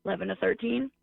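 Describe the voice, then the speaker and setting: Animated sarcastic woman on a tinny line. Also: on the high side, vocal fry, breathy edge, no echo. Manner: sarcastic, animated storyteller acting out dialogue. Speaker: teacher. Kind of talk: casual chat.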